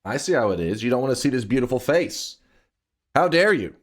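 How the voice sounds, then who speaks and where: A man in his thirties chatting on a live stream, rambling and swearing, with sudden loud outbursts at his chat. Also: mid-range voice, expressive, quick pace. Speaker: livestreamer.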